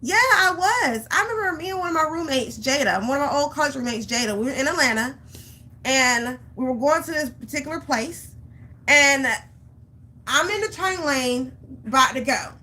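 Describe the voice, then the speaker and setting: Woman vlogger, motivational chat, bright higher voice, acts out her stories. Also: moderate pace. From Georgia, US. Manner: animated storytelling, acts out her own panic; repeats phrases for emphasis. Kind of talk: motivational vlog talk.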